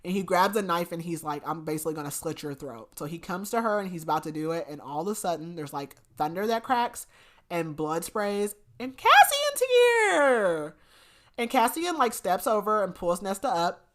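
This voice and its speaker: Woman podcaster doing a casual book recap, kinda low voice, says like a lot. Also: a little fast. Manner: chatty retelling with frequent "like" fillers. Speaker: podcast co-host.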